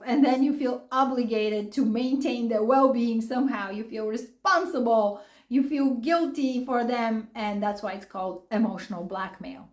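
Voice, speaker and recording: A woman's voice: a little high, moderate pace, echoey room. A middle-aged woman explaining psychology casually and animatedly, acting out quoted lines and laughing often. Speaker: psychology video host.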